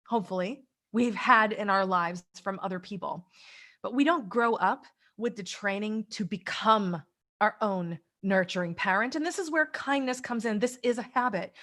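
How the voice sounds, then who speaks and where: A middle-aged woman, a life coach, talking energetically in an interview and acting out the voices in her head. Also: fairly high pitch. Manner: energetic, acts out inner voices. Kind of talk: interview, motivational talk.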